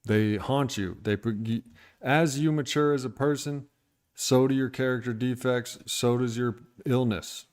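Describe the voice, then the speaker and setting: Smooth-voiced man venting on a stream. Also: medium pitch, fairly even intonation, unhurried, darkish tone. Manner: blunt, profane, venting. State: irritated. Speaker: recovery streamer. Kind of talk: candid livestream monologue.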